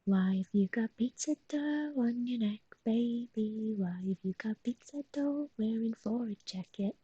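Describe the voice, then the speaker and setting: A young woman whispers nearly the whole time, her voice airy and breathy, cooing baby talk to her pet and thanking viewers on a livestream. She drifts slowly through sing-song made-up rhymes, sitting a touch high in pitch. The sound is close and dry, with no room around it. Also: warm tone, no echo, dull audio. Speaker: livestream host.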